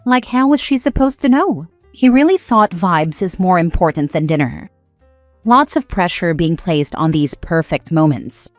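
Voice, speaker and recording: A woman with a somewhat low voice reads online posts aloud in an even, conversational storytime manner. Her voice is close and dry, with faint music running quietly underneath. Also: normal speed, no echo. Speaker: narrator reading online posts. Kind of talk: storytime narration. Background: faint background music.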